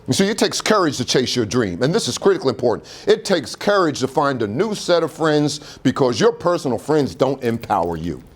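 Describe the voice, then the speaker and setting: A man's voice: medium pitch, brisk, hardly any pauses, breathy edge. A man giving a motivational speech to an audience, full of rhetorical questions. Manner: animated preacher-like delivery with rhetorical questions. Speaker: motivational speaker. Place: auditorium.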